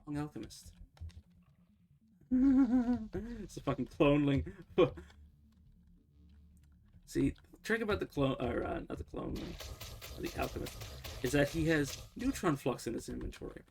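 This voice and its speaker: A man's voice: mid-range voice, a little fast, vocal fry, slightly rough. A man casually commenting on his own game as he streams, rambling and often correcting himself. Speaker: livestreamer playing a game.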